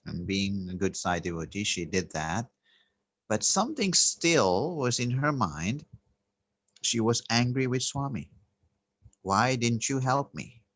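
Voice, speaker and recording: A man giving an earnest, unhurried spiritual talk, telling a story and pausing on fillers and restarts. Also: fairly low pitch, big pitch swings, a bit bright, no echo. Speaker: spiritual teacher. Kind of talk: spoken spiritual teaching with storytelling.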